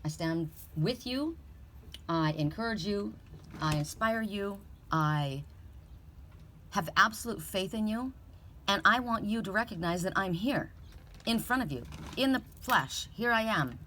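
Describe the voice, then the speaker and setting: A woman's voice: mid-range voice, lively intonation, a little slow, bright, forceful tone, a little hiss or hum. A woman voicing a female snow angel who is devoted but fed up, speaking earnestly and repeating herself for emphasis. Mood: reassuring.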